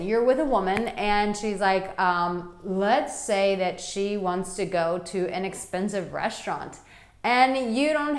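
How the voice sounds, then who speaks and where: A frank woman coaching to camera in a casual, no-nonsense tone, cursing easily as she tells stories from her own life. Her voice sits in a middle register. The room around her rings with a noticeable echo. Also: medium pitch. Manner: blunt, frank, swears freely, animated storytelling. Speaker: relationship coach and host. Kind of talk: casual advice vlog to camera.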